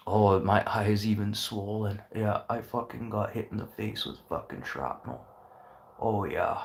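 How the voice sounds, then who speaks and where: An earnest man talks slowly and deliberately in a fairly low voice, urging viewers to help others. His delivery is impassioned and full of swearing. The room gives the recording a noticeable echo. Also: vocal fry, slight background noise. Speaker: restaurant owner. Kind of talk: unscripted motivational vlog talk.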